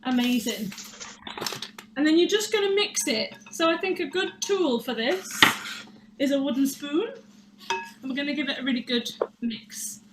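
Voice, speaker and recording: A woman's voice: high voice, animated, normal speed, pauses often. A chatty, bubbly woman, out of breath, hosting a live baking demonstration from her kitchen. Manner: chatty, bubbly, self-deprecating. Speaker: baking show host. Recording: echoey room with faint noise.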